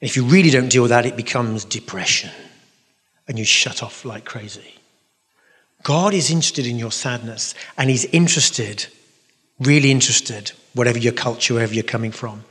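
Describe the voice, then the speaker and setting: A man's voice: mid-range voice, normal speed, a bit bright. English male preacher, emphatic and repetitive, playful asides, big reverberant hall. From England. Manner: emphatic, repeating phrases, playful noises. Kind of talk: sermon. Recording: long reverb of a large hall.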